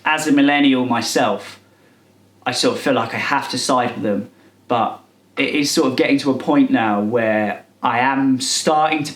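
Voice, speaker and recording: A man playing a clueless millennial partygoer who rambles and misuses slang in a deadpan comedy monologue. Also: medium pitch, reverberant, close to an everyday voice. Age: 20s. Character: clueless self-styled cool male millennial partygoer. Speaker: comedy character.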